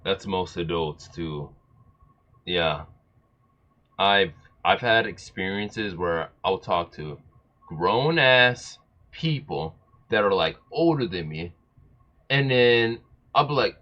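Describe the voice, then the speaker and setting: A young man reacting in casual chat, excitable, using slangy and profane language. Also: sits low, slow pace, long pauses, muffled recording. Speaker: co-host reacting.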